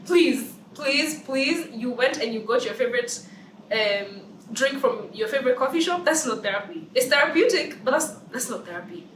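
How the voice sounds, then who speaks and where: A woman's voice: a little high, animated, normal speed, a bit bright, slight background noise. Emphatic young Kenyan woman vlogging. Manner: emphatic, repeats phrases for emphasis. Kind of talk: casual opinion vlog. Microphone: camera's built-in mic, no external mic. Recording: roomy and distant from the mic.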